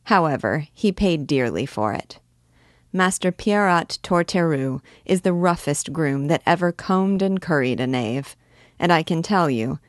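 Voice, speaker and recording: Lady reading a swaggering young army captain guy, brash and sure of himself, lowish voice. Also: no echo, studio quality. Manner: bold, assured, swaggering.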